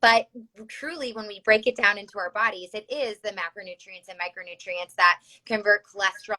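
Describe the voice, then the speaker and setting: Podcast guest: woman, Chicago accent, bright tone, chatty explainer who talks through analogies. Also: mid-range voice, a little fast, poor audio. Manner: explains with analogies, frequent fillers and restarts. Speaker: guest health practitioner. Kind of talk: conversational podcast interview.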